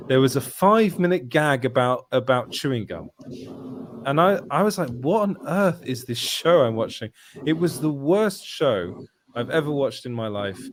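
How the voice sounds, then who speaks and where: Over a little hiss or hum, a podcast host with a medium-pitched voice tells a rambling anecdote in casual chat. He keeps correcting himself and laughs along the way.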